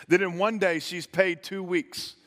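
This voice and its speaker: A man's voice: high voice, fairly even intonation, a little slow, fairly bright tone. A man preaching a conversational sermon, telling the story playfully with modern asides and stammered restarts. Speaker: pastor. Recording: echoey hall with long reverb.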